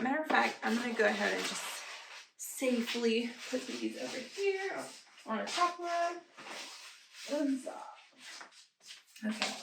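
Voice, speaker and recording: A woman, chatting casually as a vlogger, animated and laughing often. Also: on the high side, gravelly. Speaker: candle haul vlogger. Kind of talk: casual chat. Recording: echoey room with faint noise.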